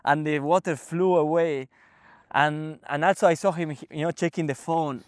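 At an ashram, a man with a fairly high voice shares a spiritual experience as a guest in a casual storytelling conversation. He is animated but halting, with frequent restarts and fillers, and the sound is dry with no room echo.

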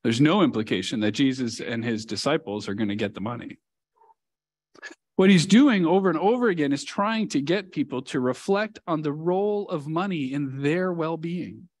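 A man's voice: a little high, moderate pace, darkish tone. A male pastor preaching a sermon in a church, telling a story earnestly and leaning hard on key words. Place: church sanctuary.

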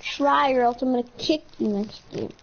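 A woman's voice: sits high, moderate pace. A woman gamer teasing and bossing her teammates during an online shooter match, jokingly threatening to kick them. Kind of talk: casual chat while playing an online shooter. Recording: muffled lo-fi mic with loud clicking noise.

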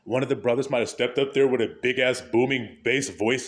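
Animated man preaching an informal sermon. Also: fairly quick, few pauses. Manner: conversational, rhetorical questions, frequent laughter; wide swings between low murmurs and high exclamations.

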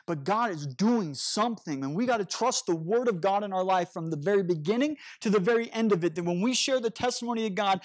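Earnest pastor, higher male voice, dry sound. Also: dry recording. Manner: earnest, animated storytelling with rushed bursts. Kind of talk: conversational storytelling sermon. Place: church stage before a congregation.

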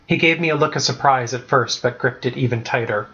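A man's voice: mid-range voice, brisk, sharp tone. Man steadily reading a novel aloud. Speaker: narrator. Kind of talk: audiobook reading. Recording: slightly dull lo-fi recording.

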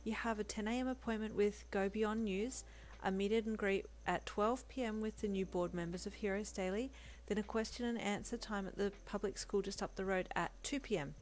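A woman's voice: mid-range voice, fairly even intonation, moderate pace, a little hiss or hum, natural voice. A woman voicing a cheerful, eager-to-please young female assistant in a storybook reading. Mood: cheery. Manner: bright and cheerful.

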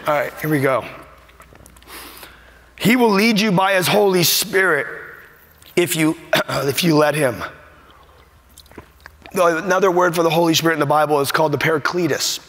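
A man's voice: fairly high pitch, moderate pace, long pauses, fairly bright tone, a little hiss or hum. A man preaching a sermon as a pastor, emphatic and repetitive, at times choked up with emotion. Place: church sanctuary. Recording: long hall reverb.

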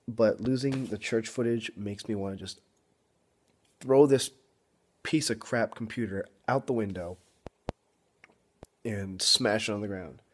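A young man talking straight to camera in a casual vlog, frustrated and apologetic, halting with many ums and restarts. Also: fairly low pitch, breathy edge. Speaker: vlogger.

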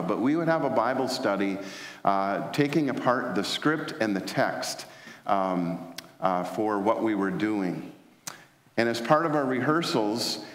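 A man preaching a sermon as pastor, telling stories with frequent fillers and restarts. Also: fairly low pitch. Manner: storytelling, many fillers and restarts. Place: large church sanctuary. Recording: echoey church hall.

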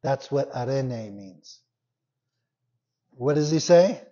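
Slow, dynamic male preacher. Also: lo-fi sound. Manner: expressive preaching, drops to soft intense lows and rises to loud emphatic peaks. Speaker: pastor. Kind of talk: sermon.

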